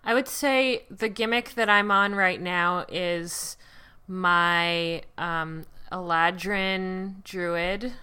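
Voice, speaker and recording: A woman's voice: lowish voice, fairly even intonation, extremely slow, bright, forceful tone, clear, resonant tone. A playful, giggly woman co-hosting a casual podcast chat.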